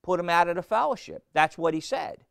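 Gravelly emphatic preacher man. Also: sits high, expressive, brisk, a bit bright, dry recording, studio quality. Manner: emphatic, rhetorical questions, repeats phrases for effect. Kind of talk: sermon.

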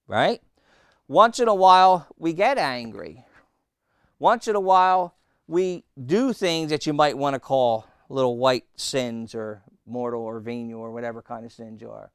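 A man preaching a sermon, emphatic and repetitive, quizzing his listeners and slowing down to read scripture. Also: mid-range voice, a bit bright, clear, resonant tone, dry recording, studio quality. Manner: emphatic, repeating phrases and asking the congregation questions; slows right down on scripture quotes.

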